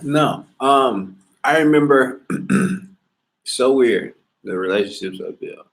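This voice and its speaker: A man in a casual monologue, talking in a slangy, profane, animated way. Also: medium pitch, slow.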